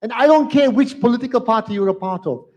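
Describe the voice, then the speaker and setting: With an extremely high, darkish-toned voice, a fast-talking man moderates a live debate in a community centre hall. The lo-fi recording carries long hall reverb, and he stays emphatic, firm but apologetic, repeating phrases to hold the room.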